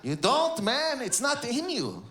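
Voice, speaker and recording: A comedian acting out an excitable older male shopkeeper who scolds and pleads dramatically, in an echoey room with background noise. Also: extremely high pitch, takes it slowly, pitched above the performer's own voice, exaggerated voice. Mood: scolding.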